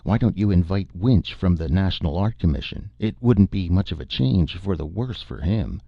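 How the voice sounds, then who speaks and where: Brief: male reader as a laconic cabinet man, low and gravelly. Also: animated, moderate pace, no echo, heavily acted. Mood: dry. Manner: dry, easygoing. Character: squat unflappable cabinet man in his fifties. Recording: dull lo-fi dry recording.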